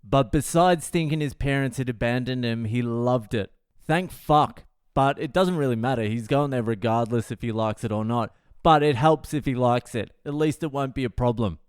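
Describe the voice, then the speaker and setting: A comedian hosting his own podcast, telling a story in a profane, wry, deadpan way with lots of swearing. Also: medium pitch, normal speed, smooth, no echo, clean studio sound. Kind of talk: comic storytelling monologue.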